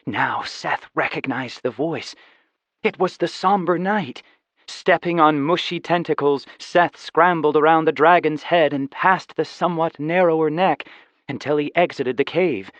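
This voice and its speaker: A man narrating a fantasy audiobook in steady, scripted storytelling. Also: a little high, a little slow, no echo. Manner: even, steady storytelling with voiced dialogue. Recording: slightly dull, dry studio recording.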